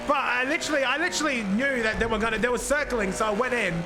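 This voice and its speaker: A man streaming a police role-play game, talking excitedly and rambling with swearing and frequent restarts. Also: very high-pitched, fast, over music. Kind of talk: live-streamed gameplay commentary.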